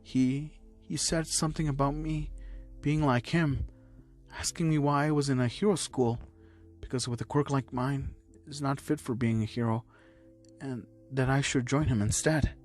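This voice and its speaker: A man voicing a troubled teenage boy who is near tears, speaking in a shaky, halting way. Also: mid-range voice, fairly even intonation, a little mellow, soft background music, natural voice. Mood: tearful. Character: troubled teen boy hero student, tearful.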